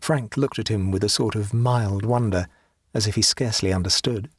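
A man narrates an audiobook in a measured, expressive storytelling style. His voice is on the low side with a breathy edge, recorded at studio quality with no room sound.

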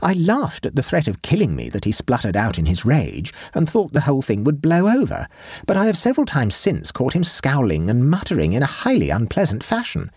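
A man's voice: on the high side, darkish tone, slightly rough, no echo, studio quality, pitched above the performer's own voice, exaggerated voice. A man reading as an anxious, elderly clergyman, in a rambling, fretful letter voice.

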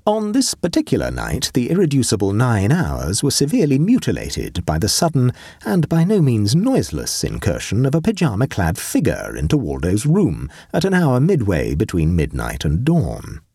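A man narrating a story in a wry, expressive manner. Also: medium pitch, moderate pace, slightly rough, dry recording, studio quality. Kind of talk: audiobook narration.

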